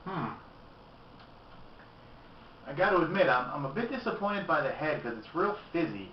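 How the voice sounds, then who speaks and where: A man's voice: fairly high pitch, big pitch swings, moderate pace, slight background noise. A man casually reviewing a beer on video, chatty and candid as he tastes and comments. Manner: chatty and candid, tasting as he talks. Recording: roomy, distant, dull lo-fi camera audio.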